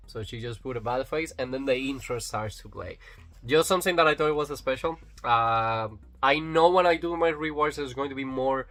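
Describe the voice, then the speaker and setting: A man's voice: mid-range voice, normal speed. Rambling man retelling a sitcom plot. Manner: retells scenes quoting characters in a relaxed, rambling way. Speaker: vlog host. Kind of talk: casual spoken review.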